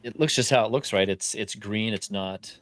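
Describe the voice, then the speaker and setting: A man's voice: fairly low pitch, normal speed, a bit bright, no echo. A man playing a tabletop game, asking curious questions and musing in loose asides. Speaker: player.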